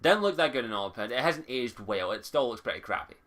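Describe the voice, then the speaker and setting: A man's voice: medium pitch, lively intonation, a little fast, fairly bright tone. A young Scottish man giving an exasperated, sweary game review, repeating his complaints. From Scotland.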